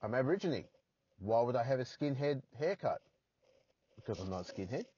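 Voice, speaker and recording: A man's voice: mid-range voice, very animated, brisk, warm tone, breathy edge, no room sound, lo-fi sound. An Australian man hosting a solo podcast from his parked car, rambling and poking fun at himself with crude jokes. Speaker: podcast host.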